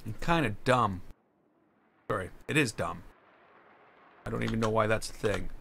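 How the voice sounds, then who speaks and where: Man, game streamer, frustrated ranting, bright voice, mid pitch, keyboard typing, faint noise. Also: moderate pace, vocal fry. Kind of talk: live game stream commentary.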